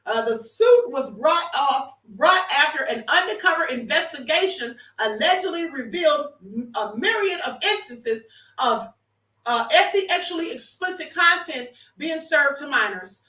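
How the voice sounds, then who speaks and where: A woman with a bright, sharp, high voice talks to her viewers in a casual commentary stream, emphatic and addressing them as honey. She sounds set back from the mic in an echoey room. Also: lively intonation, measured pace, recorded from a distance. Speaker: livestream host. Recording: roomy echo, off-mic.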